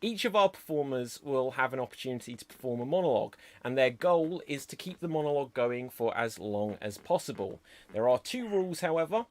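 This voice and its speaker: A man hosting a live online improv comedy show over a video call, upbeat and brisk as he explains the games. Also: medium pitch, darkish tone.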